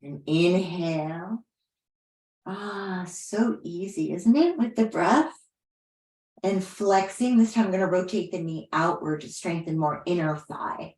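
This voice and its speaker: Slow, gentle woman guiding yoga. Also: on the low side. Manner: gentle, unhurried cueing with soft affirmations. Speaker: yoga teacher. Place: class room. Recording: roomy echo.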